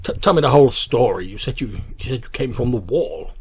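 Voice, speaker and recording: A man voicing a plump, older village alderman who speaks haltingly and gravely. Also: medium pitch, expressive, darkish tone, close to an everyday voice.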